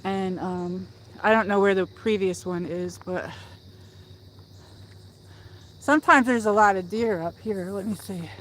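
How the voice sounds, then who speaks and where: A woman's voice: medium pitch, normal speed, a bit bright, slight background noise, low-quality recording. A woman hosting a casual livestream while walking up a hill in a park outdoors, chatty and rambling, out of breath, on a phone mic. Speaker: livestream host.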